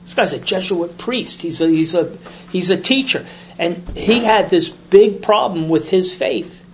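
A man tells a long story at a recovery meeting, his voice sitting a bit high. He rambles, circles back on his words and acts out the people in the tale. There is a faint hiss behind him. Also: measured pace. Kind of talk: casual storytelling talk.

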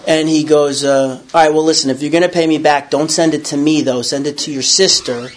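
A man's voice: on the high side, fairly even intonation, fairly quick. A middle-aged man telling a personal story in a casual, rambling way, with many restarts and self-corrections. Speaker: storyteller sharing a recovery story.

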